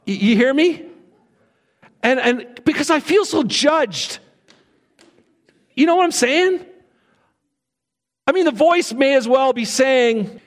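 A pastor delivers an unhurried sermon in a church, his voice sitting high for a man. He slips into little acted voices for comic effect. The hall rings with long reverb around him. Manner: animated, acts out quoted voices, conversational humor. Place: church sanctuary.

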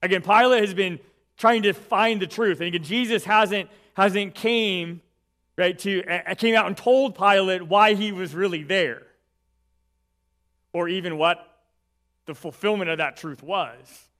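A pastor preaching a sermon and reading scripture aloud, earnest and building emphasis, often dropping in "right" as an aside. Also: male voice, high-pitched, measured pace, fairly bright tone.

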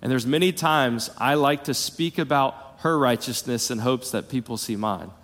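A man's voice: mid-range voice, moderate pace, fairly bright tone, long reverb tail. A man preaching a sermon in a church, talking earnestly with frequent restarts and repeated words, rising for emphasis. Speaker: pastor. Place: church sanctuary.

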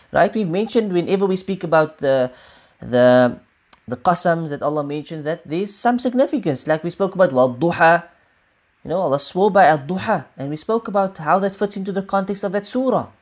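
A woman giving a religious lesson, explaining scripture in a measured way and repeating key points for emphasis. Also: on the low side, lively intonation, darkish tone. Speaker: Quran teacher.

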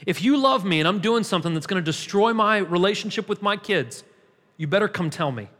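A man's voice: high-pitched, expressive, brisk, fairly bright tone. A man pastor preaching a sermon in a church, emphatic and repetitive, building in intensity. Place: church sanctuary. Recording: long hall reverb.

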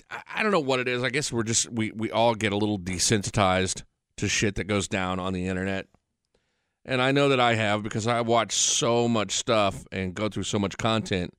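A man's voice: on the low side, a bit bright, smooth, dry recording, clean studio sound. A man hosting a podcast in a casual, blunt and profane way, rambling and restarting his sentences. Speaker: podcast host. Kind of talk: casual chat.

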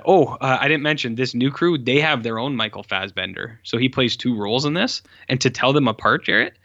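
A man in casual podcast chat reviewing a film, rambling along with many fillers and quick self-corrections. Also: medium pitch, sharp tone, no room sound, highs cut off. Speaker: podcast co-host reviewing films.

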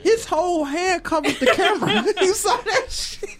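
A man's voice: very high voice, lively intonation, normal speed, music in the background. A young man co-hosting a podcast, teasing his friends in slangy casual banter and laughing often. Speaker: podcast co-host.

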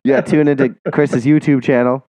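A man's voice: medium pitch, little pitch movement, normal speed, mellow, dry recording. A stuffed-up man co-hosting a podcast, joking and teasing in casual banter. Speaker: podcast co-host.

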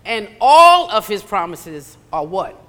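A woman's voice: medium pitch, very animated, takes it slowly, bright, forceful tone. A woman delivers a conversational sermon, breaking into acted asides. Her voice sits in the middle of the range. It rings with the long reverb of a church hall. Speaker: preacher. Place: church sanctuary.

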